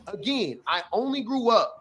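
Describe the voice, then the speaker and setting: A man giving casual, blunt reaction commentary on a clip, profane and animated, stumbling and restarting often. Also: high-pitched, normal speed, breathy edge.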